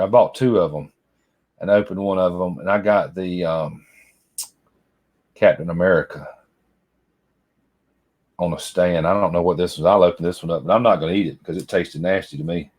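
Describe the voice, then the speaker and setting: A man's voice: low-pitched, normal speed, long pauses. A middle-aged man, chatting casually and rambling to viewers by name as he unboxes toys. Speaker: vlogger. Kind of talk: casual chat while unboxing.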